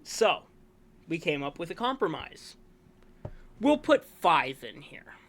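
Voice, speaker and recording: A man's voice: on the high side, sing-song, slow, fairly bright tone. A man co-hosting a casual sports review, announcing award finalists in a rambling, self-correcting way while hiccuping. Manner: rambling, self-correcting, enthusiastic about players. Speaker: co-host presenting awards.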